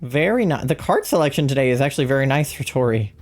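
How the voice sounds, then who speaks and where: A woman with an unusually low voice chats loosely on a live stream while she plays. She rambles, answers chat and talks to someone off-mic. Faint music hums behind her. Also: expressive, quick pace, a little mellow. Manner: chatty, rambling, reads chat aloud.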